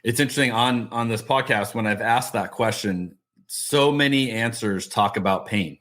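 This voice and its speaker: A man's voice: mid-range voice, moderate pace, a bit bright. A middle-aged man hosting a podcast, talking casually with many restarts and fillers. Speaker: podcast host. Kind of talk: casual interview chat.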